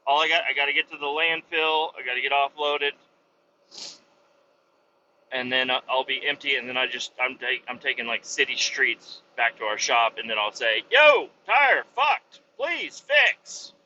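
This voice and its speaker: Profane ranting man, bright voice. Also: mid-range voice, flat delivery, normal speed, lo-fi sound, slight background noise. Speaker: podcast host, truck driver. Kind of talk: casual solo podcast rant.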